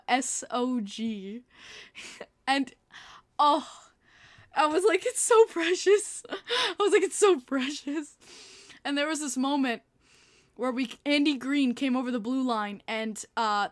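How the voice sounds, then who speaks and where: A woman's voice: high-pitched, takes it slowly, fairly bright tone. A young woman from New York hosting a podcast, chatting casually, laughing often and answering her chat. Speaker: podcast host.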